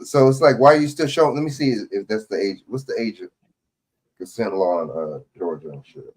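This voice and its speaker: A man's voice: lowish voice, a little fast, husky. A man hosting a live stream, reacting to a news clip in rambling, profane casual chat full of questions.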